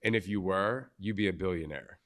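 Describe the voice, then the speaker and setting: Guy hosting a live podcast, low voice, blunt and sweary. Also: brisk. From New Jersey. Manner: blunt, emphatic, swears freely. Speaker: podcast host.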